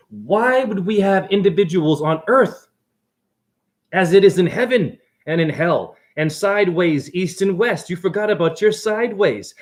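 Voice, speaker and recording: Excitable high-voiced man preaching. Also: unhurried, long pauses. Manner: excitable, preachy, jumps between ideas. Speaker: self-styled spiritual teacher. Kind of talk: rambling livestream monologue. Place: apartment.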